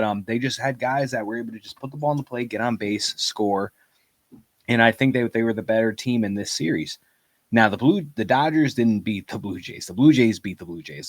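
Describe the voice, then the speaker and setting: A man co-hosting a sports podcast, breaking down a game in a relaxed, matter-of-fact way. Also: lowish voice, dry recording. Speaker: podcast co-host. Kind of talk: casual sports podcast chat.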